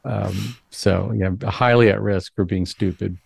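A man with a very low, gravelly voice, talking as an interview guest. He sounds thoughtful and measured, pausing over his words. The sound is dry and close, with no room in it. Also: steady tone, darkish tone, no echo. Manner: thoughtful, measured, self-deprecating. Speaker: psychologist guest. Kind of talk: conversational interview.

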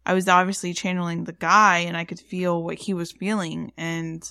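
A woman's voice: on the low side, little pitch movement, normal speed, creaky, sharp tone, dry recording, studio quality. A woman paranormal investigator and psychic chatting casually, full of fillers and restarts. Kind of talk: casual podcast chat.

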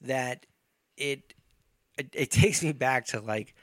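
A man's voice: mid-range voice, slow, no echo, studio quality. A man co-hosting a podcast in casual chat, telling stories animatedly and acting out scenes, with frequent swearing. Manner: animated storyteller, acts out scenes, swears often. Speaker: podcast co-host.

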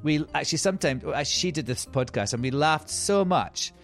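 A man's voice: fairly high pitch, animated, fairly quick, soft background music. A man hosting a casual podcast chat, speaking in an effusive, affectionate, enthusiastic way. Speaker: podcast host.

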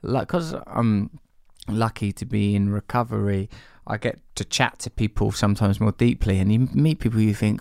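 A man hosts a podcast, rambling playfully while reading out and answering listener emails. His voice is low with a gravelly fry. It sounds close and dry. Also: fairly even intonation, moderate pace, hardly any pauses, darkish tone, no echo. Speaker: podcast host.

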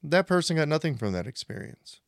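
A podcast co-host in his forties chats casually and tells animated stories, acting out the people he quotes. His fairly high voice is gravelly and fairly quick, captured as a dry, clean studio recording.

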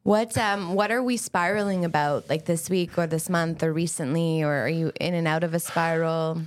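A woman's voice: low-pitched, steady tone, normal speed. A woman hosting a podcast, chatting casually and telling anecdotes. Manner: chatty storyteller, asks questions.

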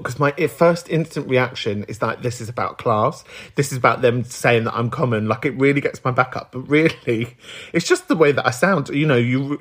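Candid chatty man hosting a podcast. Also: mid-range voice. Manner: candid, reflective, chatty, swears freely. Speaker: podcast host. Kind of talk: casual chat.

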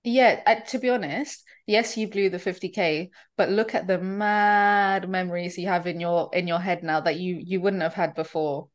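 A young woman co-hosting a casual chat podcast, chatty and quick to laugh, reading listener letters aloud. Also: fairly low pitch, fairly even intonation. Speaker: podcast co-host.

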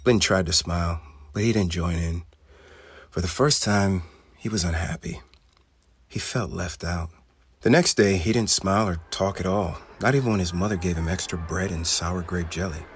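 A man reading a children's storybook aloud in an expressive, steady way. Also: low-pitched, moderate pace, husky.

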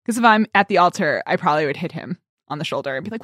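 A woman co-hosting a podcast in casual chat, lively and quick to laugh. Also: on the low side, no room sound, clean studio sound. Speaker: podcast co-host.

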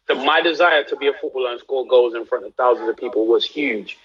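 Guesting on a laid-back livestreamed interview, this young London actor spins anecdotes in his local English accent, easygoing overall yet lively when recounting stories. His medium-pitched voice moves fast, and the audio has its highs cut off.

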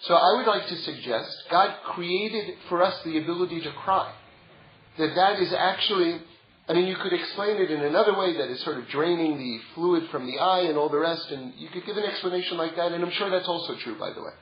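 A man's voice: on the high side, brisk. A man teaching a Torah class in a conversational way, building up to emphatic passages. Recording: roomy, dull lo-fi sound.

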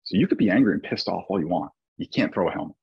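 A man's voice: low-pitched, lively intonation, racing, vocal fry, breathy edge, dull audio. A man who coaches baseball, telling stories in a casual, reflective conversation with frequent restarts.

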